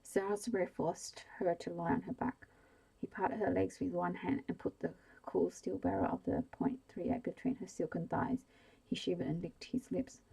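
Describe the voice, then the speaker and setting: A woman reading a bedtime story aloud in a soft, hushed ASMR manner that often slips into whispers. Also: fairly low pitch, normal speed, creaky, husky, poor audio.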